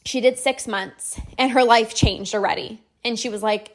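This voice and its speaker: A woman's voice: on the high side, fairly even intonation, normal speed, hardly any pauses. A woman podcast host and coach giving an enthusiastic, persuasive promotional monologue, full of "like" fillers.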